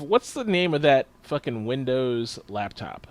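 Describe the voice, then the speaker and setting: Ranting, swearing podcast co-host. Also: male voice, medium pitch, a little slow, no echo. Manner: animated storyteller, swears often, laughs while ranting. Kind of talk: casual chat.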